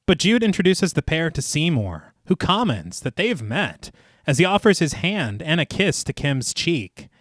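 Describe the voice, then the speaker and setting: A man hosting a horror podcast reads a lively plot recap of a film, then jokes and chats casually. His voice sits on the high side at a moderate pace, recorded dry in studio quality.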